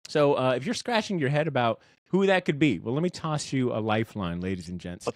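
A man's voice: mid-range voice, animated, brisk, no room sound. A man hosting a comic book podcast in casual, joking, slangy banter. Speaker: podcast host.

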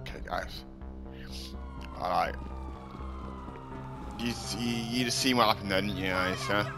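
A man's voice: lowish voice, steady tone, a little slow. A man giving hyper, crude, joking commentary while he plays a video game. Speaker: gaming YouTuber. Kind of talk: casual gameplay commentary. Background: game music.

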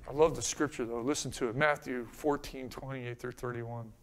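A man pastor preaching a sermon, asking the congregation rhetorical questions and swinging between hushed and loud passages. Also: medium pitch, fairly even intonation, normal speed, a little hiss or hum.

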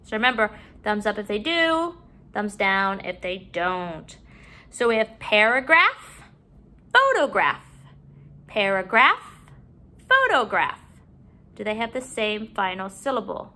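A woman teaching a phonics lesson to young children at home, drawing out each word slowly and clearly. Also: medium pitch, very animated. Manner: slow, drawn-out modeling of words, bright sing-song emphasis.

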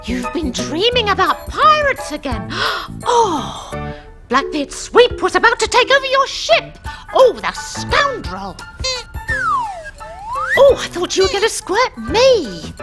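A polite little panda girl, with a tiny, very high voice. She speaks slowly and breathily, full of wonder. Music plays under her. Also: huge pitch swings, exaggerated voice. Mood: fussing. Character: sweet polite young female panda puppet. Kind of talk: children's TV puppet voice.

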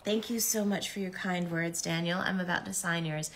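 A woman's voice: on the low side, fairly even intonation, moderate pace, a bit bright. A middle-aged woman chatting casually on a live stream while she signs autographs, bubbly, reading comments aloud with lots of ums.

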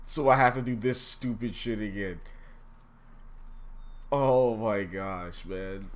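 A young man streaming a game live, chatting casually and breaking into loud, swearing, exasperated outbursts. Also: on the low side, slow, slight background noise. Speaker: gaming livestreamer. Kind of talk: live gameplay commentary.

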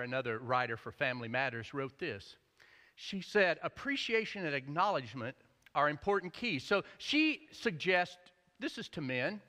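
Male pastor, bright lively delivery, joking sermon, echoey church hall. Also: high-pitched. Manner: animated, jokey storytelling. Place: church sanctuary.

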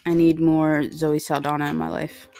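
A woman's voice: low voice, flat delivery, normal speed, mellow, soft background music. A woman hosting a casual live stream, chatting and rambling with lots of fillers as she reads out viewer comments. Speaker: livestream host reading viewer chat.

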